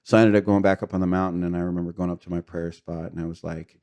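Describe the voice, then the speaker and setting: Low-voiced middle-aged man, podcast guest, candid and confessional testimony with fillers. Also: little pitch movement, rapid-fire, mellow. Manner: earnest, confessional, with frequent fillers and short laughs.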